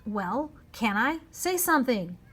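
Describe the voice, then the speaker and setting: A woman voicing an eager young boy who talks quickly and pleads in a higher voice. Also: slightly rough, lightly acted. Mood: impatient.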